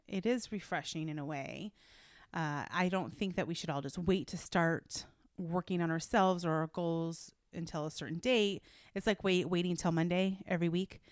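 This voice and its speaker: A woman in her thirties co-hosting a podcast, chatting casually and telling animated stories with frequent laughter. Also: lowish voice, dry recording, clean studio sound. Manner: laughs often, animated storytelling. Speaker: podcast co-host. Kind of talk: casual chat.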